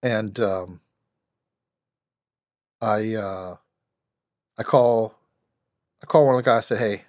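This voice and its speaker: A man's voice: lowish voice, a little mellow, no echo, studio quality. A middle-aged former soldier from the United States, a podcast guest telling his story candidly with many restarts and fillers. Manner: halting, with frequent restarts and fillers. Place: podcast studio.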